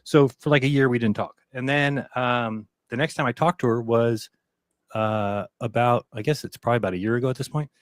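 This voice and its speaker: A man's voice: medium pitch, a little fast, no echo. A man co-hosting a casual talk show, rambling through a story and acting out what others said. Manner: rambling, quotes others in animated voices. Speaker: podcast co-host.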